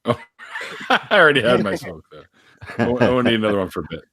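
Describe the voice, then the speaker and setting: A man's voice: mid-range voice, sing-song, fast talker, crowd noise. A man hosting a casual video-call chat, easygoing and laughing along. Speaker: host. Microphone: video call, phone.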